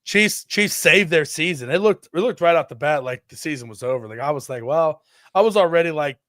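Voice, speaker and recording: A man in his thirties co-hosting a podcast, telling stories in an animated way, acting out quotes and swearing freely. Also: fairly high pitch, brisk, no room sound, clean studio sound. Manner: animated storytelling, acts out quotes in exaggerated voices, swears freely. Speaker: podcast co-host. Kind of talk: casual chat.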